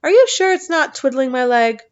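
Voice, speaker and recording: A big, gentle old giant from a storybook, booming out his tangled grammar in slow, drawn-out words, as a woman reads him aloud. The voice sits fairly high for a giant, and the recording sounds dull and lo-fi. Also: lively intonation. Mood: wistful, delighted. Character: huge kindly old male giant, muddled speech.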